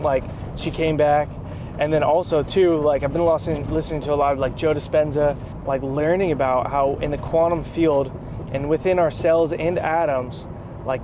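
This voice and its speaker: Animated man telling a story. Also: a little high, background noise. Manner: casual slang, calls listener bro and dude; excited, animated retelling. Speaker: vlogger, athlete. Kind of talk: casual vlog storytelling.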